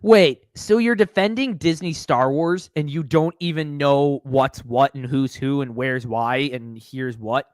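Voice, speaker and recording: A man's voice: mid-range voice, measured pace, hardly any pauses, no echo, clean studio sound. A man hosting a live stream, reading viewer comments aloud and answering them with sarcastic, mocking commentary.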